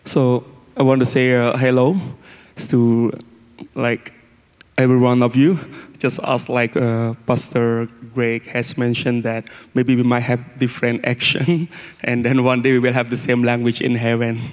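A man's voice: mid-range voice, flat delivery, a little slow, darkish tone, smooth. A man in his thirties with a Cambodian accent, speaking English hesitantly and laughing often while telling his story. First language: Khmer. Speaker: guest pastor. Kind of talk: personal testimony. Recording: long hall reverb.

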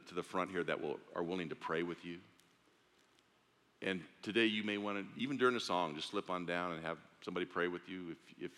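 Male pastor preaching, low gravelly voice, earnest, echo from the church hall. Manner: earnest, conversational, with restarts and soft drops. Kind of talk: sermon. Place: church sanctuary. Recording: echoey church sanctuary.

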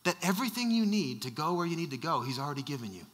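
A man voicing a gentle, soft-spoken Nigerian man in an attempted Nigerian accent. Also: fairly high pitch, sing-song, rapid-fire, long reverb tail, pitched below the performer's own voice. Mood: solemn.

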